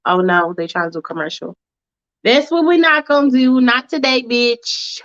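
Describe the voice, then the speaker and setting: A woman's voice: fairly high pitch, expressive, normal speed, fairly bright tone, highs cut off. A woman casually telling a fan-fiction story in a chatty, slangy way with many asides.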